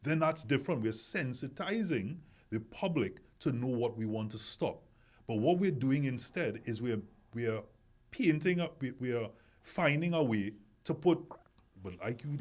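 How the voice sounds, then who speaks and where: A man's voice: mid-range voice, a little mellow. A man hosting a podcast discussion, asking questions and pressing his point with repeated words. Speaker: podcast host. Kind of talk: casual discussion.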